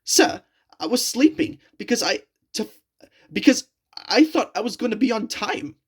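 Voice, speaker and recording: A woman voicing a grumpy young male tank engine from a children's storybook, with a whiny, high-strung manner. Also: big pitch swings, takes it slowly, husky, heavily acted. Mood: nervous.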